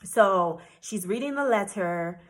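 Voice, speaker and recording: A woman's voice: medium pitch, expressive, takes it slowly. An American woman telling an emotional story as a vlogger, indignant and repeating herself. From United States. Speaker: travel vlogger.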